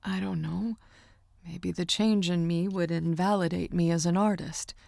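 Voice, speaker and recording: Anxious young artist in an audiobook, a woman reading her, strained and halting, dry close sound. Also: on the low side, fairly even intonation, vocal fry, a little mellow, dry recording. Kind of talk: audiobook character voice.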